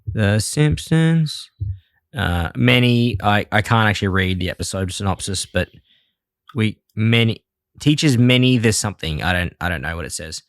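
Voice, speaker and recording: A man co-hosting a podcast in casual chat, excitable and quick to laugh. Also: fairly low pitch, dry recording, studio quality. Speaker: podcast co-host.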